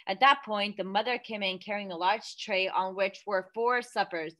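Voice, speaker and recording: Woman, storybook reading, bright clear tone, expressive, mid pitch. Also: moderate pace, hardly any pauses. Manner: expressive, lively reading with voiced characters. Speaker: storybook reader.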